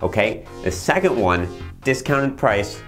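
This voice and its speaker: A man's voice: lowish voice, animated, a little slow, fairly bright tone, soft background music. A man hosting a comedic infomercial, rambling through his sales patter with fillers and restarts. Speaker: infomercial host.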